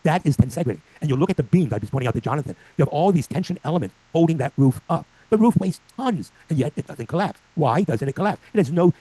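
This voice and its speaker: A man's voice: on the high side, warm tone, husky, dry recording, poor audio. An older man giving a live lecture to clinicians with slides, asking the audience questions and acting out patients' complaints. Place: lecture room.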